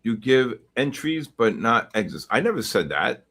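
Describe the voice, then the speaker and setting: Excitable man calling live market moves. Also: medium pitch, moderate pace. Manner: excitable, teasing viewers, repeats himself. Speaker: livestream trading host. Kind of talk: live market commentary and chat banter.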